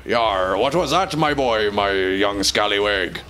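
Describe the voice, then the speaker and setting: A man's voice: fairly low pitch, expressive, measured pace, fairly bright tone, soft background music. A streamer voicing a blustering male pirate captain who keeps growling yar. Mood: gruff. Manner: gruff, tacks yar onto lines.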